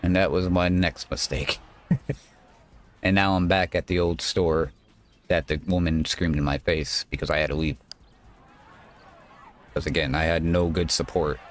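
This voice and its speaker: A man's voice: deep voice, steady tone, unhurried, pauses often. A male streamer telling a rambling, casual story while playing a game, quoting people and swearing now and then.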